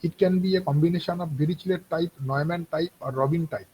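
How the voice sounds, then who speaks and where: A man's voice: on the high side, brisk, dark tone, slight background noise, low-quality recording. A man giving a university engineering lecture, repeating points and checking in with "okay" often.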